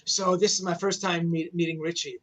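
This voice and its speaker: A man's voice: a little high, steady tone, brisk, a bit bright. A man in his sixties, a rock journalist, telling a long rambling anecdote in a casual way, full of "you know, man" fillers, over a video call.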